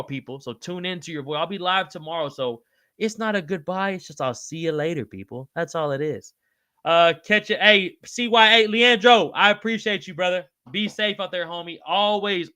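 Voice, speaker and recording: A bright, forceful man's voice, sitting a bit above average pitch. He hosts a casual livestream, reading comments and giving loose, slangy shout-outs to his viewers. The sound is dry and close. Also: dry recording. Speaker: livestream host.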